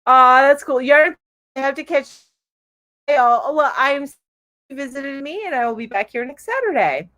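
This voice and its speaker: A woman's voice: high-pitched, animated, moderate pace, a bit bright, no echo. A middle-aged woman hosting a casual live stream, reading viewer comments aloud with a giggly, bubbly manner. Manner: bubbly, giggly, coos at her cat. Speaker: live show host.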